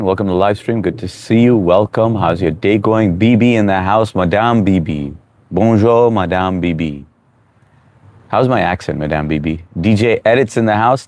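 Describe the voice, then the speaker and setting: A man hosting a casual live stream, greeting viewers by name, reading their chat comments aloud and giving relaxed, encouraging advice. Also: sits low, dry recording.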